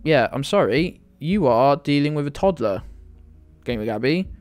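A man's voice: fairly high pitch, lively intonation, normal speed, darkish tone, clear, resonant tone, no echo, soft background music. A young British man streaming a game live, teasing his chat with playful indignation and mock outrage. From United Kingdom.

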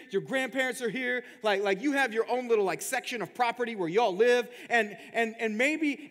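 A man's voice: very high-pitched, a bit bright. A man preaching a sermon as pastor, talking conversationally with many repeated fillers and restarts, and laughing often. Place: church hall. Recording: long reverb of a church hall.

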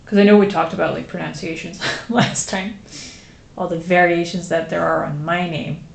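A woman's voice: fairly low pitch, fairly even intonation, normal speed, creaky. A woman with a Dutch accent chatting casually with viewers on a live stream, rambling with lots of fillers. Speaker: streamer drawing a graphic novel. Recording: roomy echo with faint noise.

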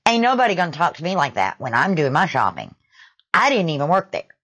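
A woman telling a retail story in an animated, conversational way. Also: low-pitched, fairly quick, breathy edge.

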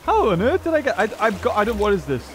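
A British man chatting casually while playing a game with a friend, excitable and playful, laughing often. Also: high-pitched, fast, faint music behind. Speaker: gaming YouTuber. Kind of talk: casual let's-play chat.

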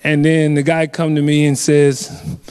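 An earnest man with a slightly high voice tells a personal story at a community forum. He speaks haltingly and often restarts and repeats his phrases. His voice carries a long reverb from a large hall. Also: completely flat delivery, darkish tone, smooth.

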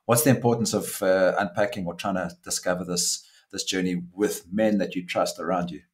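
A man's voice: deep voice, steady tone, a little fast. A middle-aged man from South Africa, hosting a reflective interview in an earnest, searching way. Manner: earnest, searching, with frequent restarts. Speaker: podcast host.

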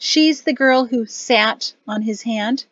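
A woman's voice: fairly high pitch, takes it slowly, fairly bright tone, dry recording, lo-fi sound, pitched above the performer's own voice. A woman voicing a curious, witty young wife who prods and teases with eager questions. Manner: prodding, playful questions.

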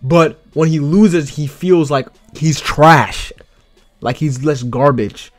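A man riffs on an anime in a casual, foul-mouthed, slangy way, voice sitting on the higher side. His talk is loose, full of fillers and restarts. The sound is close and dry, with no room behind him. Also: slow pace, no echo. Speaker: anime commentary vlogger. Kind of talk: casual spoken analysis.

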